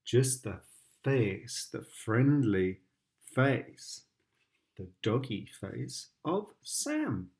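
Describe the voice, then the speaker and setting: A man's voice: mid-range voice, very animated, extremely slow, darkish tone. A British man, a father, reading picture books aloud to his child, playful and sing-song, with sound effects.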